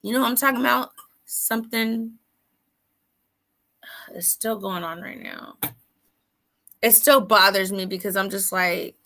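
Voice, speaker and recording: A woman's voice: on the low side, creaky, bright, forceful tone. A woman hosting a casual online panel, chatting and directing the other callers. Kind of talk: casual chat on a video call. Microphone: video call.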